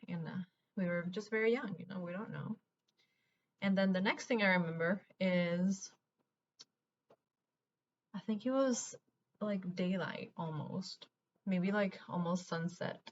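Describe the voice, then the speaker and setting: A woman's voice: on the low side, dull audio. A young woman from Venezuela, chatting candidly at home while she does her makeup, rambling through childhood memories and laughing through hard moments. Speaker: vlogger. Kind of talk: get-ready-with-me chat while doing makeup.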